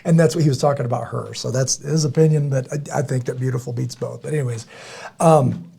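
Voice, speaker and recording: A middle-aged man hosting a podcast in casual chat, rambling and halting, with many restarts and fillers. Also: medium pitch, steady tone, creaky, mellow, husky. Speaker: podcast host.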